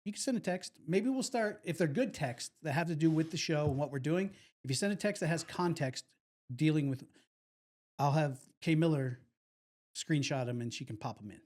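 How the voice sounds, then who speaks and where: A man co-hosting a live podcast, talking casually. His voice sits a little high, and he rambles and circles back on his points in an upbeat tone. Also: lively intonation, moderate pace, darkish tone. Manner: rambling, repeats himself, upbeat. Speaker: podcast co-host.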